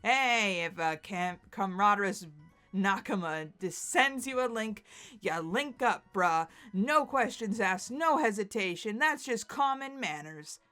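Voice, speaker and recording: A woman voicing a big, boastful male buck with a Southern drawl and a booming, hearty manner in a dramatic webcomic read-aloud. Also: expressive, a little slow, bright, forceful tone, faint music behind. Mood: teasing. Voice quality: hearty chuckle, booming bravado. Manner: grandiose, speaks of himself as "the mountain".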